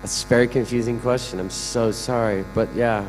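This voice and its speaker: A man's voice: mid-range voice, steady tone, normal speed, darkish tone, faint music behind. A man answering fan questions on a convention panel, joking and laughing often. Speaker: guest actor on a convention panel. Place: large convention hall. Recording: echoey convention hall, faint hum.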